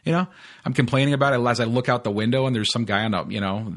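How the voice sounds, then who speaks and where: A man's voice: medium pitch, rapid-fire. A man hosting a podcast, telling a long story in a rambling, casual way with lots of fillers, restarts and swearing. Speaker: podcast host.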